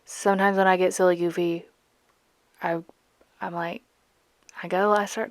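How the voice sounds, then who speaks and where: A woman's voice: fairly low pitch, flat delivery, measured pace, pauses often, no room sound. A young woman from Georgia with a light Southern accent, chatting playfully in a voiceover while painting, sometimes dropping into a whisper. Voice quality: playful, goofy, self-mocking. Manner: drops to whispers at times. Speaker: art channel host.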